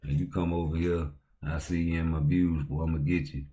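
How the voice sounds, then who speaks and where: A man hosting a livestream, talking in loose, profane, slang-heavy banter that heats up into loud outbursts. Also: extremely low pitch, flat delivery, a little fast, dull audio. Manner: heated, rising to loud outbursts. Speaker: livestream host. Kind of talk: casual livestream talk.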